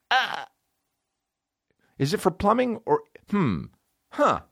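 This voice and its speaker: A man's voice: on the high side, a bit bright, no room sound, clean studio sound. A young man co-hosting a casual comedy podcast, reading personal ads aloud and mocking them in a crude, incredulous way. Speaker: podcast co-host.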